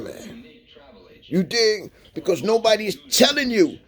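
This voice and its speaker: A man's voice: high-pitched, big pitch swings, a little slow, fairly bright tone. A middle-aged man speaking in a profane, impassioned monologue, preaching to viewers in street slang and tagging lines with "man" and "you dig". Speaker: vlogger.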